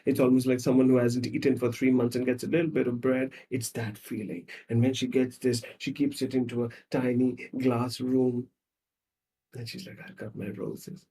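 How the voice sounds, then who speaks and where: A man, a psychologist guest on a podcast, tells stories dramatically and acts out the scenes, swinging between loud and soft. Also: medium pitch, little pitch movement, normal speed. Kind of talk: podcast conversation.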